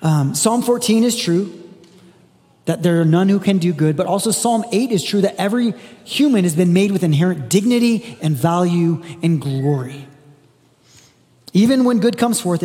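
High-voiced man preaching in a reverberant hall. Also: expressive, normal speed, mellow. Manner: conversational preaching, reads scripture aloud with emphasis. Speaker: pastor. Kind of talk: sermon.

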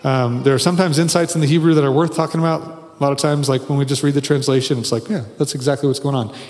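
A man's voice: fairly high pitch, fairly even intonation, quick pace, darkish tone. A man in his forties preaching a sermon, earnest and building to emphatic, repeated phrases. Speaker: pastor. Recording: long reverb of a large hall.

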